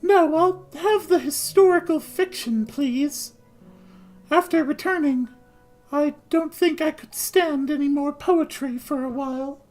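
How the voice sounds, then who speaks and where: A man voicing a modest, reserved retired woman in a soft, polite falsetto while reading a game aloud. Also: a little slow, faint music behind.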